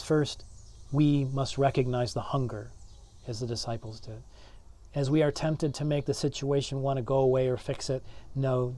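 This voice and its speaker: A man's voice: medium pitch, mellow. A man, a pastor, giving a sermon in an earnest way, often repeating words as he builds his points. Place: church.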